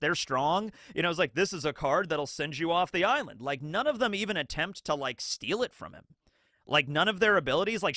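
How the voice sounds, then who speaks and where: A man's voice: fairly high pitch, no room sound, studio quality. A man hosting a casual anime commentary video, talking animatedly and acting out characters' lines in his retelling. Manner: animated, acts out quotes, swears casually.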